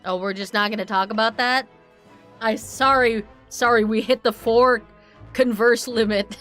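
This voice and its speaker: A woman's voice: fairly high pitch, fairly even intonation, unhurried, a bit bright, faint music behind. A young woman from New Jersey casually joking and commenting as she streams a game. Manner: joking, irreverent, swears. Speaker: vtuber streamer.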